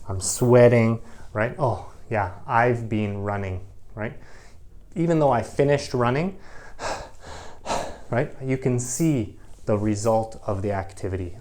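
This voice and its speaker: Middle-aged guy teaching grammar, patient, says things twice, mid pitch. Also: a little mellow. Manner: explains patiently, repeats key phrases. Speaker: English teacher. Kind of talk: grammar lesson to camera.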